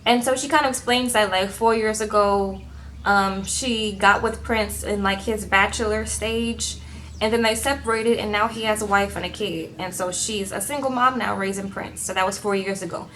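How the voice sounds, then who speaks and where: A woman's voice: medium pitch, moderate pace, a little hiss or hum. A woman giving a casual reality TV recap in a chatty, sassy way, often tagging her lines with "okay?". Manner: acts out quotes in lively voices.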